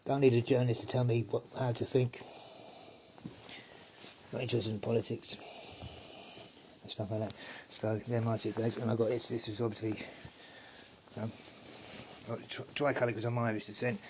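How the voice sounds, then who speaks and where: A man's voice: medium pitch, little pitch movement, moderate pace, long pauses, dark tone, slight background noise. Ranting, profane man. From England. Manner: profane, ranting, loose and wandering. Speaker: vlogger. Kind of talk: rambling monologue to camera.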